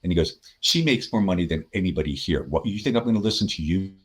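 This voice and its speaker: Low-voiced man telling sales stories. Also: fast talker. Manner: animated anecdotes, acts out quoted voices. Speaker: podcast guest, sales consultant. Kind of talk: conversational storytelling.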